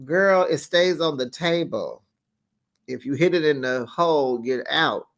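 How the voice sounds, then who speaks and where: A man's voice: on the high side, lively intonation, unhurried, creaky, fairly bright tone. A man giving casual recap commentary on a reality show, sassy and chatty, laughing often between remarks. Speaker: host of a reality TV recap channel.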